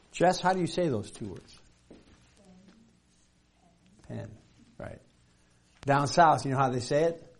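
A middle-aged man teaching a Bible study class, reading verses aloud and explaining them in a halting, unpolished way. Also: mid-range voice. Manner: halting, many fillers and restarts, reads verses aloud.

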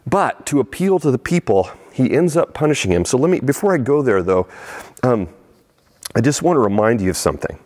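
A man preaching a sermon as pastor, retelling scripture and acting out the crowd's shouts. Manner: animated, rising in pitch when acting out crowd lines.

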